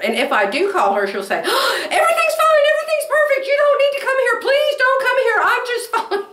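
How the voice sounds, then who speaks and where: A woman's voice: medium pitch, a bit bright, roomy sound. A woman in her sixties chatting casually to camera in a rambling way, laughing often as she talks. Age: 60s. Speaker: vlogger.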